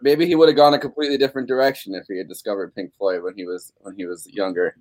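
A man's voice: on the low side, flat delivery, fast talker, a little mellow. A man co-hosting a casual podcast, talking loosely with swearing and lots of filler words. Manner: loose, profane, filler-heavy talk. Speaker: podcast co-host.

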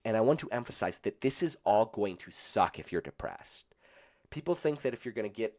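A man hosting a solo podcast, his voice roughened by a cold, talking in an earnest, blunt and encouraging way. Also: medium pitch, expressive, fast talker, darkish tone. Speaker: podcast host.

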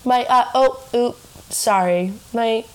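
A woman's voice: on the high side, takes it slowly, a little mellow, clean tone, rough recording. A young American woman hosting a casual podcast, giggly and swearing freely. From United States. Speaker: podcast host. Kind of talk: casual chat.

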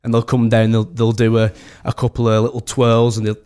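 A man's voice: mid-range voice, monotone, a little fast, darkish tone, clear, resonant tone. British man, podcast guest, casual rambling chat, lots of restarts. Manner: rambling, many restarts and "do you know what I mean". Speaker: wedding host and celebrant, guest.

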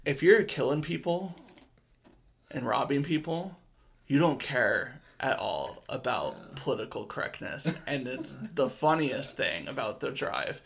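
Animated young man saying "dude" a lot. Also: medium pitch, measured pace, creaky. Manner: laughs often, says "dude" constantly. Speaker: podcast co-host. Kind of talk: casual chat.

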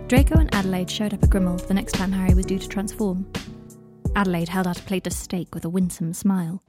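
A woman hosting a podcast, reading her own fanfiction aloud in an even, measured storybook narration on a close mic. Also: medium pitch, music in the background.

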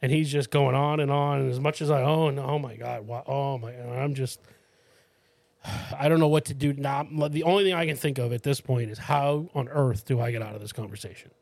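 A man's voice: a little fast, vocal fry, no echo. A man co-hosting a podcast, telling a story in casual chat and acting out the people in it, with casual swearing and many restarts. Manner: animated storyteller, acts out quoted people in a higher voice. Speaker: podcast co-host.

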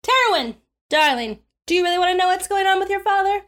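A woman doing a smug, high-voiced pirate captain. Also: expressive, quick pace, a bit bright. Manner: grandiose, condescending, calls others darling. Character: smug, theatrical female space pirate captain.

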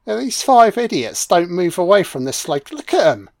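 A man's voice: high voice, very animated, moderate pace, vocal fry, no echo, studio quality. A man with a British accent giving an audio commentary on a film, mocking it with sarcastic, heavily profane riffs.

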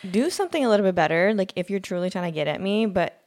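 A woman's voice: medium pitch, expressive, fast, darkish tone. A woman co-hosting a podcast in casual chat, frank, with many "like"s. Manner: frank, says "like" a lot. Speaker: podcast co-host.

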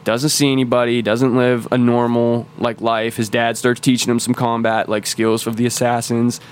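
This podcast co-host speaks at a moderate pace in a smooth, medium-pitched voice that barely moves in pitch. His casual, long-winded lore explanation of a game is peppered with swearing and repeated restarts.

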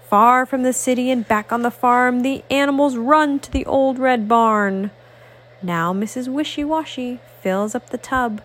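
A woman reading a picture book aloud to a child, slow, sing-song and expressive. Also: fairly high pitch.

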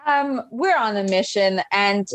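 A woman's voice: medium pitch, unhurried. A woman playing a tabletop game, speaking in character with sarcastic, haughty banter. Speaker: player. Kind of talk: in-character tabletop role-play.

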